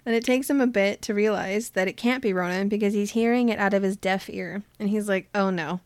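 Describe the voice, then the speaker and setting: Animated woman recapping a book, dry sound. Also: mid-range voice, dry recording. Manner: animated retelling with quick voiced quotes and laughs. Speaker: podcast host recapping a book. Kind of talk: casual chat.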